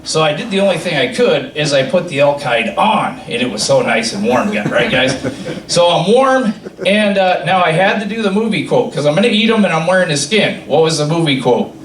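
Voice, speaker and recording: A man's voice: on the high side, sing-song, fairly quick. A man performs stand-up with a loose, chuckling delivery, laughing at his own lines. His slightly raised voice sounds distant, in an echoey club with faint room noise. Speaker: stand-up comedian. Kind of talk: stand-up comedy set.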